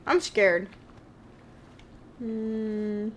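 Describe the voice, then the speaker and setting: Speaking very slowly in a steady, mid-range voice, this gaming streamer chats with viewers about the horror game she's playing. There's slight background noise, and her jittery jokes come alongside an admission that she's frightened.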